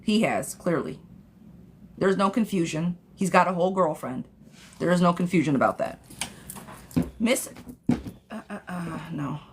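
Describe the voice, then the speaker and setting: A woman's voice: measured pace, pauses often, breathy edge. A woman hosting a live-stream tarot reading, talking bluntly and sassily to viewers and calling them girlfriend. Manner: bursts into high excited gushing.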